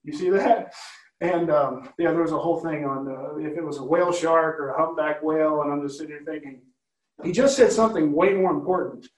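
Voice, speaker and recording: A man's voice: fairly high pitch, a little fast. Man teaching scripture in a roomy space. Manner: conversational, asks the listeners questions often. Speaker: Bible teacher. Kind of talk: Bible study teaching. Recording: roomy, from a distance.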